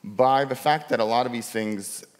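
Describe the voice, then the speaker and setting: A man's voice: mid-range voice, normal speed. A man, a documentary filmmaker, explaining his work on a conference panel in loose, restarting sentences. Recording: long hall reverb.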